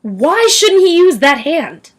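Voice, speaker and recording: A woman reading aloud voices a stern but caring guardian who speaks briskly and firmly. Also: high-pitched, big pitch swings, pitched above the performer's own voice, full character voice. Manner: brisk and commanding.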